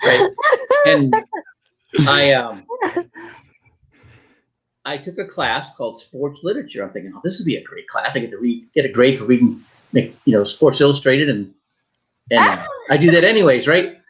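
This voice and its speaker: A man from Michigan, a talk show guest, telling a story in a joking, animated way with quoted dialogue and restarts. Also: mid-range voice, moderate pace, long pauses, dull audio.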